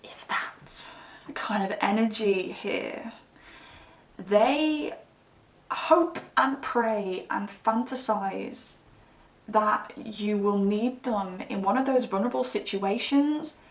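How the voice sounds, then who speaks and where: Woman tarot reader, chatty and giggly, recorded from a distance in a reverberant room. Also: medium pitch. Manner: giggly, chatty, breaks into laughter. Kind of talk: casual tarot reading monologue. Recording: echoey room, mic at a distance.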